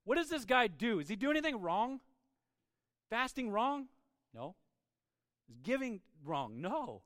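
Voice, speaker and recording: A man pastor giving a conversational sermon, energetic and informal, often repeating words and asking "right?". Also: high-pitched, unhurried, no echo, studio quality. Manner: swings into quiet acted voices for quotes.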